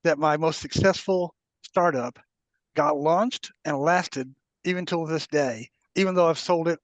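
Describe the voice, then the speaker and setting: Male host, slightly high voice, dry close mic, affirming. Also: a little slow, no echo, poor audio. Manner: agreeing, relating the story to his own business. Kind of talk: casual chat.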